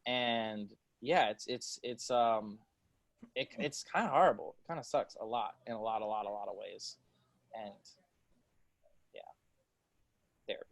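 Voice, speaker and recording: A man's voice: fairly low pitch, unhurried, creaky, pauses often, dry recording. A man on a podcast panel, talking casually in loose slang and laughing often.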